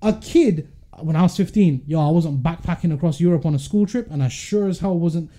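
A man's voice: fairly high pitch, mellow. A man co-hosting a podcast, ranting with passion and indignation in casual chat. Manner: passionate, indignant, fast rants. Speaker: podcast co-host.

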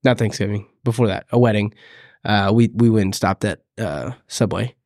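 A man co-hosting a podcast, chatting casually in a hesitant, halting way. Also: fairly low pitch, a little mellow, dry recording, studio quality. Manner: hesitant, halting, many restarts and fillers. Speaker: podcast co-host. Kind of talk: casual chat.

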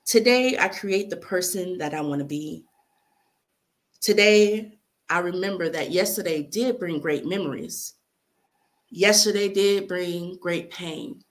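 A young woman with a fairly low voice reads her own heartfelt letter aloud at a measured pace. The spoken-word reading is earnest and emotional, with moments where she is almost in tears.

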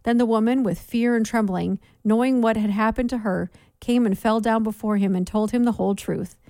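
A woman giving a measured Bible reading for a daily reading plan, with clear, steady delivery. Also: on the high side, no echo, clean studio sound. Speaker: scripture reader.

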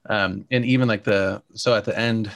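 A man's voice: fairly low pitch, steady tone, normal speed, gravelly, no echo, studio quality. A young man co-hosting a sports podcast, talking casually with many fillers and restarts. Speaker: podcast co-host, soccer fan.

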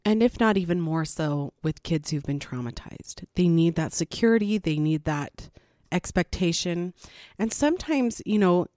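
A woman's voice: fairly low pitch, expressive, normal speed, a little mellow, no echo, clean studio sound. Earnest woman giving parenting advice. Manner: earnest, conversational, laughs now and then. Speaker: parenting vlogger. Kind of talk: casual advice talk.

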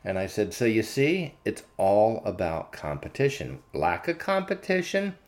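A man's voice: fairly low pitch, big pitch swings, unhurried. A man hosting his own channel, telling a story in a chatty, unscripted monologue full of fillers and "I said" retellings. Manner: chatty, frequent filler words, retells dialogue with "I said". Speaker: commentary channel host.

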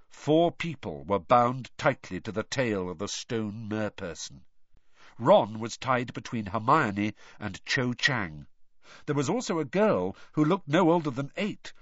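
A man reading a story aloud as narrator, measured and expressive. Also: medium pitch, dry recording, muffled recording. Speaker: audiobook narrator. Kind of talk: scripted narration.

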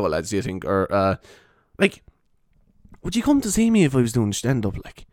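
A man's voice: mid-range voice, wildly swooping pitch, fairly quick, a little mellow, no room sound, studio quality. A young man with a Cork Irish accent, chatting casually to camera, rambling, swearing often and laughing at himself. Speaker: vlogger. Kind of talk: casual rambling vlog chat.

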